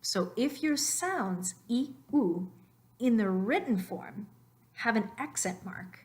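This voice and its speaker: A woman narrating a slide lesson on Spanish phonetics, explaining patiently and slowing down to stress key words. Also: fairly high pitch, lively intonation, darkish tone. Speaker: Spanish teacher.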